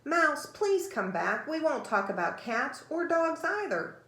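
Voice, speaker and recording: A polite, earnest young girl, played by a woman with her voice lifted higher than her usual tone. It is a gentle storybook telling, recorded in an echoey room. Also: expressive, unhurried. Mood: pleading. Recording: roomy echo.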